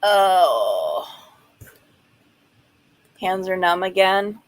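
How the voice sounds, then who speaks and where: Woman, casual craft tutorial, relaxed and chatty, thinks aloud mid-task, middle pitch. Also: moderate pace, low-quality recording. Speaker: journaling crafter.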